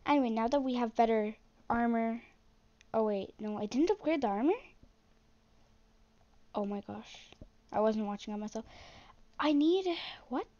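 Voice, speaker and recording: A young woman commenting on her own gameplay in a flat, self-deprecating way, muttering to herself as she plays. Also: on the high side, normal speed, long pauses, dull audio. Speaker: gaming channel host.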